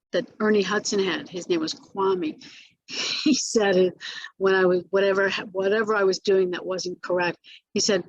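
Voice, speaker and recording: Older lady chatting about her acting gigs, husky, lots of ums and restarts, lo-fi sound. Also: mid-range voice, no echo. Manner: rambling, many restarts and fillers, laughs often. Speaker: actress interviewee. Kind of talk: casual interview recollection.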